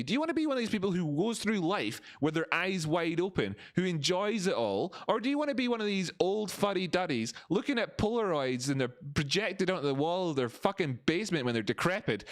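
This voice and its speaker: A man hosting a live stock-chart stream, ranting to his viewers with profanity and lots of repetition. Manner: animated, rising in pitch for emphasis; repeats phrases, talks to viewers as family. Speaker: livestream market analyst.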